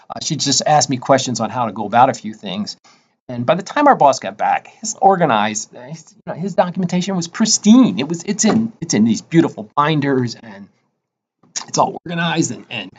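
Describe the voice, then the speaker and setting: A man's voice: medium pitch, dull audio. A man giving a casual recorded course lecture, often tagging his points with "right?" and acting out bits of dialogue. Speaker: instructor.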